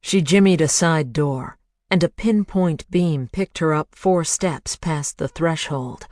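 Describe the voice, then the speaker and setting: An audiobook narrator reading a thriller in a measured, hushed voice. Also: mid-range voice, no room sound, clean studio sound. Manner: measured, hushed, building to intense.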